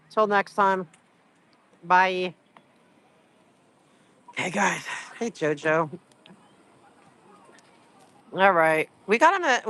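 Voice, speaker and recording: Bright, rambling livestreamer on the street. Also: mid-range voice. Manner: rambling, full of "like" and "you know"; teasing, chatty. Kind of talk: casual livestream chat with viewers.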